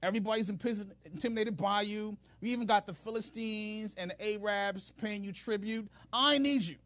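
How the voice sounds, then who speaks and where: A man's voice: very high voice, lively intonation, rapid-fire, breathy edge, voice pushed up, full character voice. A man doing a whiny, pleading king. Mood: desperate pleading. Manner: pleading, whining, shouting. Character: whiny, petulant ancient king, male, adult.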